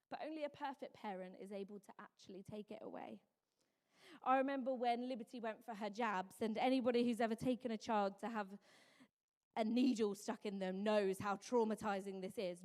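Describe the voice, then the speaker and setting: A woman in her thirties giving a Mother's Day sermon, telling a story with lively mimicked voices. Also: medium pitch. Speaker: preacher. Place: church hall. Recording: long hall reverb.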